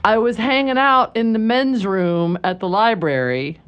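A woman's voice: a little high, a little slow, fairly bright tone, smooth, lo-fi sound. A woman guest in a radio studio, chatting playfully, joking and laughing. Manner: jokey, makes silly robot beeps, laughs often. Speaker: library guest.

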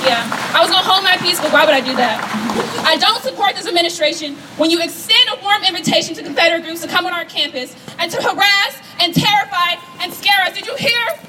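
A young woman addresses an outdoor campus rally as a student speaker, her very high voice sharp as she throws rhetorical questions at the crowd in an impassioned protest. She's heard over the rally sound system, distant under crowd noise.

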